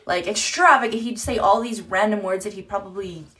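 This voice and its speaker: A woman's voice: mid-range voice, a little fast, pushed and bright. Chatty woman live-streaming from home. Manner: chatty, swears freely, often laughs. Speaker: livestream host. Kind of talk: casual live-stream chat. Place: home, indoors. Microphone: phone.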